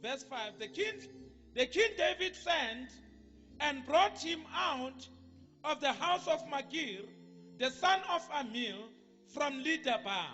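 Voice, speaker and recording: A South African man reading scripture aloud in church, slow and careful, stumbling over names. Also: very high voice, expressive, pushed and bright, long reverb tail, muffled recording, soft background music.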